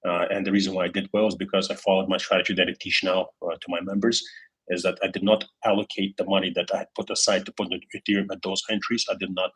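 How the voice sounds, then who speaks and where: A man hosts a casual livestream in a deep, husky voice. He rambles along with plenty of fillers and false starts, reading out viewers' comments as he goes. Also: flat delivery, fast talker, a bit bright, rough recording. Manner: rambling, many fillers and restarts, reads chat comments aloud. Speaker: crypto livestream host.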